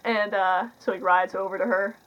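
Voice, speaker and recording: A woman's voice: mid-range voice, fairly even intonation, normal speed. A young woman talks through a movie review in a loose, rambling way. She leans on filler words and adds sarcastic asides. The audio is slightly dull and lo-fi.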